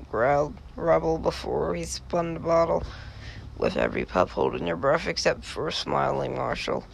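A man's voice: a little high, very animated, normal speed, gravelly, a little hiss or hum. A man reading fan fiction aloud for laughs, with sardonic asides and stumbles over the words. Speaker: reader.

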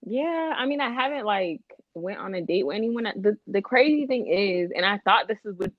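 A woman in casual podcast chat, telling stories lively with laughs and quoted voices. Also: mid-range voice, normal speed, dry recording, dull audio.

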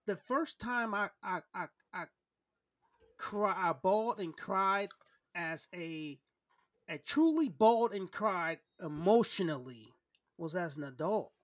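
A man's voice: sits high, lively intonation, slow, fairly bright tone, dry recording, clean studio sound. A man hosting a casual podcast conversation, earnest and open, often repeating words as he searches for his thoughts. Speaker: podcast host.

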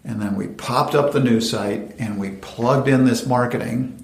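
Animated man telling a story. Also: mid-range voice, measured pace, creaky. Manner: animated, acts out quoted dialogue in lively voices. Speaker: venture capital founder, interview guest. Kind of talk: conversational storytelling interview. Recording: roomy echoey room.

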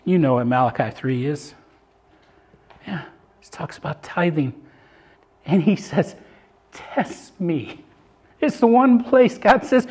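An older male pastor with a fairly high voice delivers a sermon to his congregation. He swings from loud, climbing emphasis down to soft, thoughtful musing as he reads and explains scripture. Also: big pitch swings, measured pace, long pauses.

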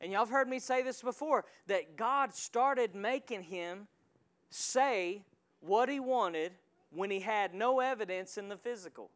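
A male pastor preaching a sermon in a church, calling out to the congregation and swinging from quiet asides to loud surges. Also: high-pitched, a little slow. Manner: call-and-response preaching with sudden loud surges.

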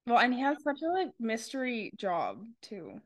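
A woman's voice: fairly high pitch, big pitch swings, normal speed. Thoughtful young woman in book chat. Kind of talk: casual book-podcast chat.

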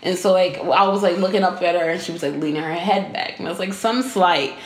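A young woman telling a personal story in casual chat on a podcast, laughing often and acting out the quotes in a higher voice. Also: brisk. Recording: echoey room.

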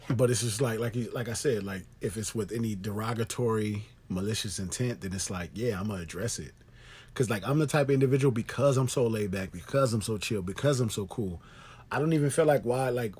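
Husky, lively-voiced man, casual co-host. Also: medium pitch, brisk. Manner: laid-back, swearing, emphatic repetition. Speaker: podcast co-host. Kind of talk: casual chat.

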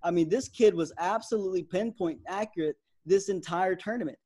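A young man in his twenties co-hosting a podcast, chatting in a relaxed way with lots of fillers. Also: high-pitched, fairly quick, breathy edge. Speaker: podcast co-host. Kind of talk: casual sports podcast chat.

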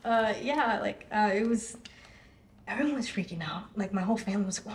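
A young woman, a singer, talking casually in an interview, full of "like" and lively quoted reactions. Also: medium pitch, brisk. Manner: chatty, fillers of "like", animated quoting of others. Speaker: singer guest. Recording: roomy echo.

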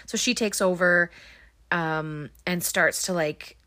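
A woman's voice: on the low side, fairly even intonation, measured pace, fairly bright tone. A woman casually retelling a film plot, chatty and wry, with lots of ums and likes. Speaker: movie recapper. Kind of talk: casual spoken film recap.

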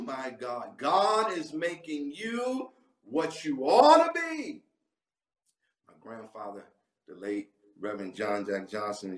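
A man preaching a livestreamed sermon with fervent delivery, breaking into sudden whooping exclamations. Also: mid-range voice. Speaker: pastor. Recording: echoey room, mic at a distance.

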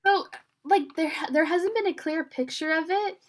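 A woman's voice: very high-pitched, normal speed. A young woman in a casual chat, eagerly retelling a TV episode, speaking in many fillers and acting out the characters' lines. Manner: excited, filler-heavy retelling, acts out the scenes in quoted voices. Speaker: podcast co-host recapping a TV episode.

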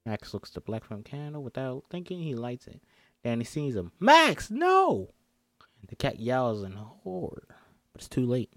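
A man's voice: medium pitch, expressive, normal speed, mellow, dry recording. A man reads a film script aloud and breaks off for jokey, swearing asides, acting out the characters' lines as he goes.

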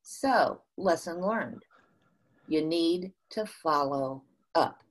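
An older woman from the USA, a guest in an interview, telling a business story in an animated way with frequent restarts. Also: low voice, drawn-out words.

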